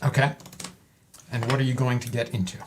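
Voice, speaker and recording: Playful man with quick affirmations. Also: mid-range voice, little pitch movement, a little hiss or hum. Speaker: co-host. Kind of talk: casual live-stream chat during a card game.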